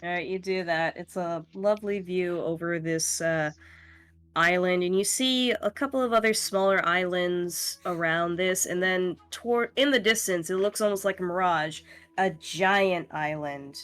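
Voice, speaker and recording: A woman's voice: fairly low pitch, a bit bright, clear, resonant tone. A woman as dungeon master, improvising in a rush and swearing often. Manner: frantic, sweary, rushing to improvise. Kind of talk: running a tabletop game over voice chat.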